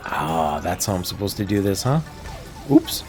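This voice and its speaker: A man's voice: sits low, very animated, moderate pace, over music. A Canadian man chatting casually while livestreaming a game, telling stories and laughing often. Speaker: streamer. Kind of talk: casual gameplay livestream chat.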